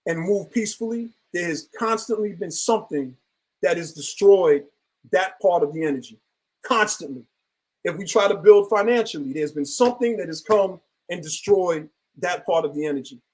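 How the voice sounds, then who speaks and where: Earnest, high-pitched man who rambles reflectively in casual discussion. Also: a little mellow, rough recording.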